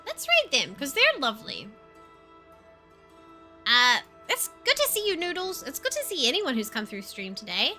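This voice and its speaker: A young woman chatting casually on a livestream, animated, laughing often and swearing. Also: high-pitched, normal speed, faint music behind. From New Zealand. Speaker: streamer.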